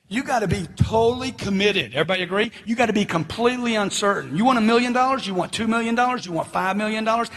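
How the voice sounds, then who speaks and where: A middle-aged man giving a forceful, preachy motivational seminar talk, firing questions at the crowd. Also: high voice, fast talker, slight background noise. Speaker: motivational speaker.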